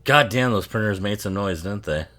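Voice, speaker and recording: A man's voice: on the low side, moderate pace, fairly bright tone. A man giving casual, laughing commentary while watching a movie, swearing freely and rambling as he drinks bourbon. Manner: profane, laughing often, rambling.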